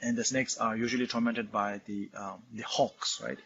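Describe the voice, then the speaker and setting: A man with a Tibetan accent, a Buddhist teacher explaining a text in a halting, filler-heavy way. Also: on the low side, steady tone, a bit bright. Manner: halting, many fillers and restarts, explains terms. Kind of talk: Dharma talk commentary. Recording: dull lo-fi recording, faint noise.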